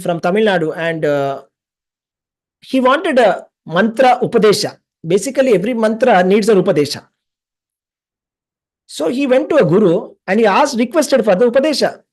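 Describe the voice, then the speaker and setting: A man's voice: sits high, darkish tone. A man teaching a scripture class, telling stories, acting out the dialogue and often checking in with the listeners. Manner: repetitive, asks the class questions, acts out dialogue. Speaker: spiritual teacher. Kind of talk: class lecture with storytelling.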